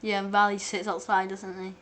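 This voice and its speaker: A woman's voice: mid-range voice, level tone, fairly quick, fairly bright tone. A woman co-hosting a casual film podcast, chiming in with short remarks and a lot of "like". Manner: chatty, chimes in with short remarks, heavy use of "like". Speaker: podcast co-host.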